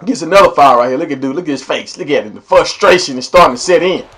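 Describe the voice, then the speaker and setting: A man's voice: on the high side, fast talker, husky. A young man giving casual, slangy, playful commentary over his own gameplay, hyping up the plays. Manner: animated, slangy, playful hype.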